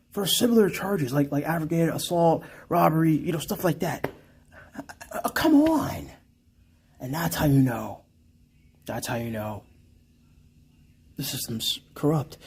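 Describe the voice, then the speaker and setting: A man's voice: mid-range voice, mellow, breathy edge. A young man ranting in casual commentary, repeating himself and checking in with "right?" and "okay?". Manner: repetitive, emphatic, keeps asking "right?" and "okay?". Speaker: vlogger.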